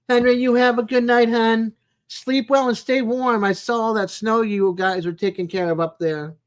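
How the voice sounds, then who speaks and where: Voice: mid-range voice, steady tone, a little slow. An adult live streamer in casual, rambling chat, greeting viewers by name and making homey small talk with plenty of fillers. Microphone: home streaming mic, no camera.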